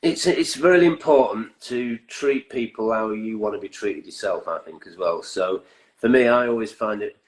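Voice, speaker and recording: Low-voiced man in his fifties. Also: normal speed, rough recording. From England, Stockport and York. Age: 50s. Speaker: musician guest. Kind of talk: casual interview chat.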